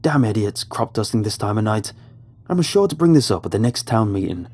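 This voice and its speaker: A man doing a gruff Midwestern father. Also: high-pitched, wildly swooping pitch, takes it slowly, mellow, pitched above the performer's own voice, heavily acted. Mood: irritated. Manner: snappish, irritated. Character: gruff frustrated middle-aged father.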